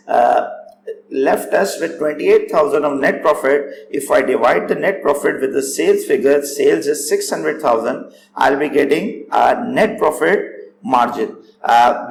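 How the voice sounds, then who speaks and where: A male accounting teacher with a fairly high, gravelly voice walks through a worked problem one step at a time. He speaks directly to his students. The recording is echoey, with a faint hum underneath. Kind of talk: recorded lecture. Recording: echoey room, faint background noise.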